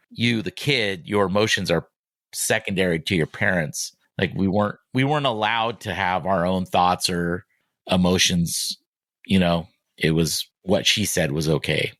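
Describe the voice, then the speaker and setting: Low-voiced Gen X man, candid and halting. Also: a bit bright, dry recording, studio quality. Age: 40s. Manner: halting, frequent "like" fillers and restarts. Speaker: podcast guest. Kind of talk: candid personal storytelling.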